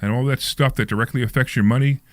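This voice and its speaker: A man hosting a live call-in radio show, talking fast and joking with his co-host. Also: mid-range voice, steady tone, no room sound. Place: radio studio.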